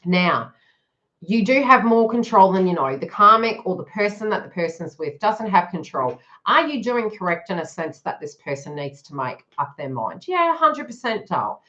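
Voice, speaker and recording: A woman's voice: on the low side, sing-song, moderate pace, fairly bright tone, dull audio. A woman giving a live card reading to her viewers, talking frankly and joking as she goes. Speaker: tarot reader.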